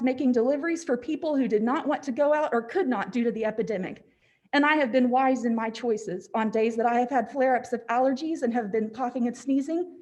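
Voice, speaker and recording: A woman whose voice sits high with a darkish tone delivers prepared remarks during public comment at a city council meeting. Slightly breathless, she states her objections firmly in sequence, each beginning "I am against."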